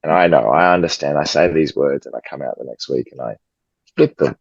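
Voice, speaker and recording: Aussie bloke on a footy podcast, super deep husky voice, cheeky mock-serious rants, dull dry lo-fi mic. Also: male voice, a little fast, dry recording. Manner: cheeky, mock-pompous, swears freely. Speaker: podcast co-host. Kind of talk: casual sports podcast banter.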